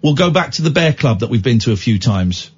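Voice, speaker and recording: A man's voice: mid-range voice, very animated, brisk, slightly rough. A man hosting a late-night radio phone-in, teasing callers and laughing often. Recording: slightly dull radio broadcast.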